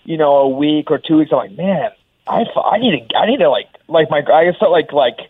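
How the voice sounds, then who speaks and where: A young professional fighter talking loosely as a guest on a radio show, rambling with lots of "like". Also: male voice, on the high side, expressive, fairly quick, slightly rough, no room sound. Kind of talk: casual radio interview. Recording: tinny phone line.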